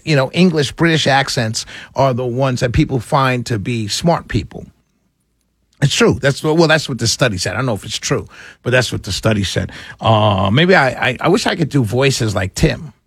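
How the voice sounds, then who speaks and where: A man's voice: a little high, fairly bright tone, slightly rough, no room sound, clean studio sound. A man hosting a talk radio show, chatting with callers and rambling animatedly between topics.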